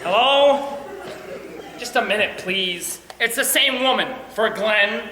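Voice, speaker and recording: A teenage boy acting a flustered, excitable middle-aged man in a live stage comedy, prone to exasperated outbursts. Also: sits high, slow, crowd noise, noisy background. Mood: hesitant. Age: teens. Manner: exasperated outbursts, hesitant on the phone. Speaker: stage actor. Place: school theatre stage. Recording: echoey auditorium from a distant mic.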